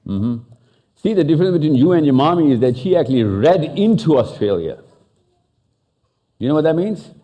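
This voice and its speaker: Fast-talking Pakistani man on stage. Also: on the high side, lively intonation, highs cut off. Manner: fast, interactive, switches between English and Urdu. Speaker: speaker at a live talk. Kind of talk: lively live talk with audience questions. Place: stage in a large hall.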